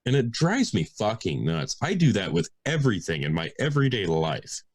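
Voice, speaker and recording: A man chats bluntly about politics on a podcast, swearing freely. His pitch swings a lot as he makes his points. The sound is dry and close. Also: big pitch swings, normal speed, no room sound. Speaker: podcast co-host. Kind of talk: casual political chat.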